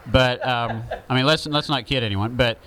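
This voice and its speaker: A man's voice: medium pitch, moderate pace, pushed and bright, poor audio. A man with a Southern accent, talking through an opinion monologue in a rambling, conversational way with many fillers.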